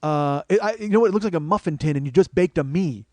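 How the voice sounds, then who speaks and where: A man's voice: a little high, fast talker, mellow. A man hosting a comedy podcast, telling a rambling, profane, self-mocking personal story.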